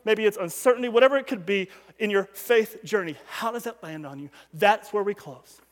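A man preaching as a pastor on a Sunday morning, telling a story with animation and swinging from loud calls to hushed asides. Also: sits high, a little fast. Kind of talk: sermon. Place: church sanctuary. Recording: long hall reverb.

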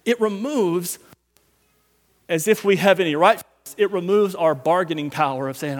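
A man preaching a sermon to a church congregation, swinging between quiet, low passages and loud emphatic ones while addressing the listeners directly. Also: expressive, moderate pace, in a large hall. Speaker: pastor. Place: church sanctuary.

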